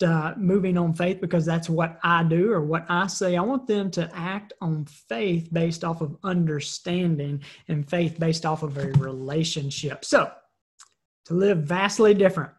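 A woman giving a motivational talk, telling a personal story in an energetic, conversational way and often repeating words. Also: fairly low pitch, husky. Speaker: motivational speaker.

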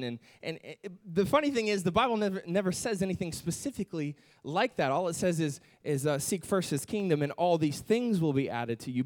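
A man's voice: on the high side, a little mellow. A man preaching a sermon in a casual, conversational way, with joking asides to the congregation.

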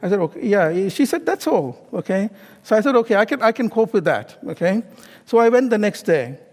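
A man's voice: high voice, big pitch swings, a little fast, a little mellow, big-room sound. A middle-aged man preaching a sermon in a conversational way, often asking the congregation questions and adding "okay?" and "you know". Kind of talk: sermon with personal story.

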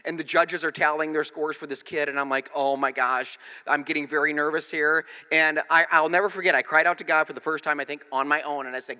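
A man preaching a sermon as pastor, telling a story with animated swings from hushed to loud. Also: on the high side, a little fast, big-room sound.

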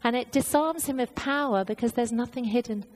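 A woman's voice: a little high, a little fast, poor audio. A woman preaching a sermon, telling a personal story in an earnest way with many fillers and restarts.

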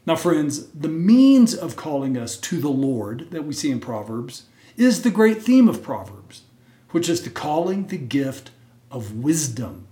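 A man with a slightly high voice preaches from the pulpit, stressing his points and tossing in quick "right?" asides. His voice rings through an echoey church sanctuary. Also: very animated, dark tone. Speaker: pastor. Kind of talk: sermon.

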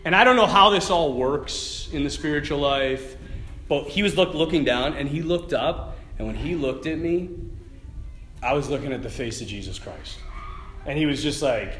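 A priest giving a talk at a retreat, telling a story in an animated way, often laughing and acting out what people said. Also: male voice, on the high side, normal speed, echoey room, soft background music.

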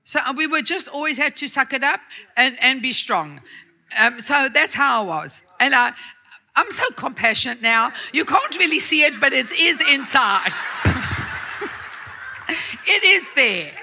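A woman's voice: high voice, expressive, moderate pace, pushed and bright. A middle-aged woman preacher telling a personal story in a chatty sermon, laughing often and making fun of herself. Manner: chatty and laughing, self-mocking asides.

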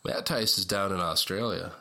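Bright-voiced male sports co-host. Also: low voice, moderate pace, creaky. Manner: chatty, analytical, easygoing. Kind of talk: casual sports talk.

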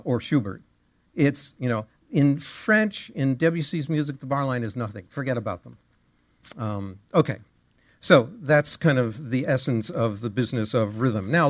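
A man's voice: on the high side, dry recording. Lecturing man scatting rhythms. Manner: sings rhythms out as "da da"; animated, explanatory. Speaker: music teacher.

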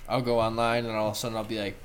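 A man's voice: on the low side, completely flat delivery, rapid-fire, slight background noise. A man co-hosting a podcast, chatting casually in a brash, profane way and laughing often. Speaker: podcast co-host. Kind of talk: casual chat.

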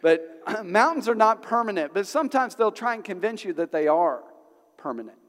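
Preaching in a church sanctuary, this middle-aged male pastor has a high voice that swings widely in pitch as he moves at a moderate pace. His sermon shifts from conversational storytelling into emphatic outbursts, all wrapped in long hall reverb.

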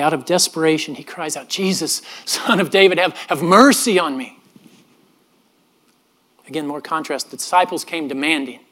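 High-voiced earnest man preaching a sermon. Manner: earnest, with frequent soft drops and repeated words. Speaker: pastor.

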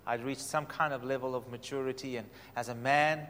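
A man's voice: mid-range voice, fairly even intonation, brisk, a little hiss or hum. Impassioned male preacher in a reverberant hall. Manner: impassioned preaching, swinging from loud to soft. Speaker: pastor. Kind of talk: sermon.

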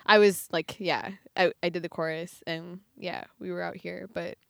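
A singer from New York chats on a podcast in a casual interview, her lowish, gravelly voice keeping fairly even intonation. She is chatty, says "like" a lot, and is quick to laugh off jokes.

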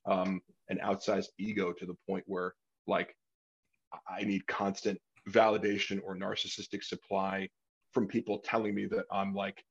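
Husky low-voiced man, rambling podcast talk. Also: flat delivery, normal speed, dull audio. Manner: rambling, many fillers, profane. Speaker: podcast host. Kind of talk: casual podcast conversation.

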